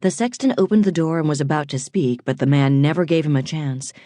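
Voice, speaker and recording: A woman narrating a crime thriller audiobook in a measured, suspenseful reading. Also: low voice, warm tone, no room sound, clean studio sound.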